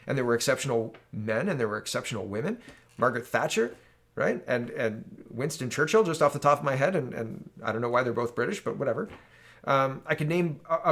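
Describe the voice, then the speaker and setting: A man's voice: medium pitch, gravelly. A man from Canada giving solo political opinion commentary, exasperated and ranting, often tagging his points with "right?".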